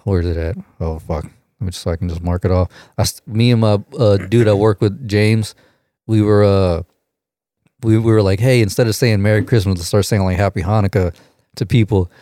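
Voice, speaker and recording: A young man hosting a podcast, telling crude stories in a loose, animated way and shouting out his quotes. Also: on the low side, brisk, dry recording, studio quality. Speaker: podcast host. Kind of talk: casual podcast chat.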